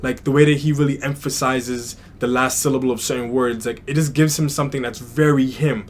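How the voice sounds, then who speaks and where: A man chats through a music reaction, musing aloud and hedging his thoughts. His voice sits at an everyday pitch, loose and unpolished, and a faint hiss runs behind it. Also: steady tone, fairly quick. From New York. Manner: thinks aloud, hedging, many fillers. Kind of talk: casual reaction commentary.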